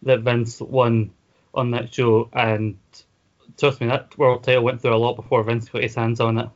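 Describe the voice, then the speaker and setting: A man talking on a casual podcast, steady and leaning heavily on "like". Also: medium pitch, normal speed, dull audio. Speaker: podcast guest and fellow host. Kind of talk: casual podcast review chat.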